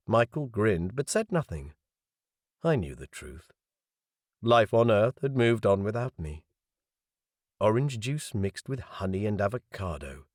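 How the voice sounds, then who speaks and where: A man's voice: on the low side, sing-song, unhurried, no room sound. A man narrating a novel in the first person, with wry, dry asides. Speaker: audiobook narrator.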